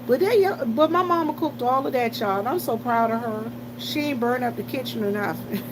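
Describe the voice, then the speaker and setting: A woman talks casually to her viewers, telling stories and greeting commenters by name. Her voice sits slightly high. A steady hum of background noise runs under her. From South Carolina. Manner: chatty storytelling, greets commenters. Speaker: vlogger working a gas station shift.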